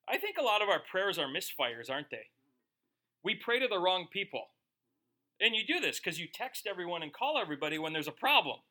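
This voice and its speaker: A man's voice: sits high, sing-song, brisk, bright, forceful tone. A middle-aged male pastor preaching a sermon in a conversational, joking way, acting out quoted voices.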